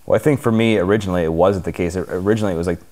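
A man's voice: low voice, racing, darkish tone. A man, a fitness coach, answering interview questions in an earnest, open way with lots of "like".

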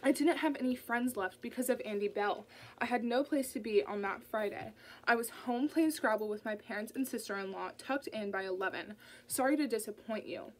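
A woman's voice: a little high, brisk, a little hiss or hum, lightly acted, low-quality recording. A woman voicing a bitter, hostile young woman who sneers and curses, in an audiobook reading.

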